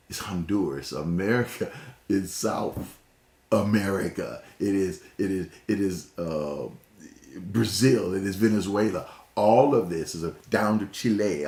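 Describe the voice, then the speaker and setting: A man's voice: sits low, mellow, roomy sound. A man from Northeast Ohio with a slight Texas drawl, giving an emphatic motivational talk and often repeating words. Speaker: speaker.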